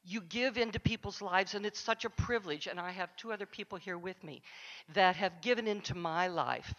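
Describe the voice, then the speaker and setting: A woman's voice: mid-range voice, fairly quick, fairly bright tone. A woman counselor giving a heartfelt acceptance speech, speaking directly to the audience. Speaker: award recipient, counselor. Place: conference luncheon hall. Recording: dull sound in a large echoing hall.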